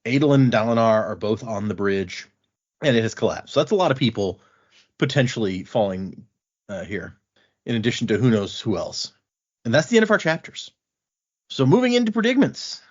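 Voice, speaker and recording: A man hosting a podcast, casually walking through a book's chapters in an animated retelling. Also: mid-range voice, fairly quick. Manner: animated retelling, acting out quotes in passing. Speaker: podcast host recapping a book. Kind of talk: casual chat. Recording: dull lo-fi podcast audio.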